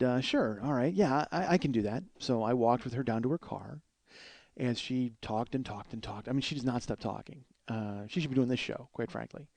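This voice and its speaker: A man in his forties rambles through a comic story on his podcast, swearing freely and getting worked up. His voice is dark and mellow, and it sounds dry and close. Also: mid-range voice, dry recording. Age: 40s. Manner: profane, exasperated, storytelling with quoted exchanges. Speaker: podcast host.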